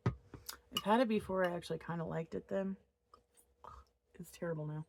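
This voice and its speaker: A woman in her thirties talks casually to her camera from a home office, rambling from one thought to the next. Her voice sits on the low side with a gravelly, creaky texture, and she sounds openly upset. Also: normal speed, a little mellow, slight background noise. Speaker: crochet vlogger.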